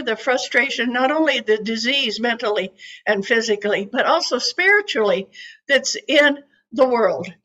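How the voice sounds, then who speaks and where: A woman in her eighties from California, a psychic medium telling her story to an audience in a chatty, animated way. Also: sits high, low-quality recording. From California, USA. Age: 80s.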